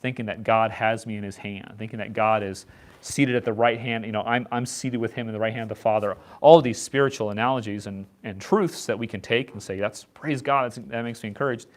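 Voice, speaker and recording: A man leading an informal Bible study, talking in a halting way and often repeating words as he restarts his sentences. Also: lowish voice, steady tone. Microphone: set up far from the speakers.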